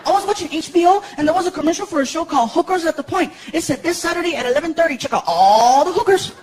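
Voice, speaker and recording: A man's voice: very high voice, lively intonation, very fast, background noise, pitched above the performer's own voice. A man playing a young boy who keeps pestering with questions, on a live stage. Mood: whiny. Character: young boy, whiny and insistent. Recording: live stage, loud crowd laughter.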